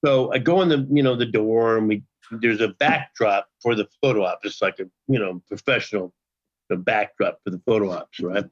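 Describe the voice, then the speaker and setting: A man in his sixties, a podcast guest, telling a story in a loose, profane, animated way and often repeating himself. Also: on the low side, moderate pace. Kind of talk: casual storytelling. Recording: dull lo-fi podcast audio.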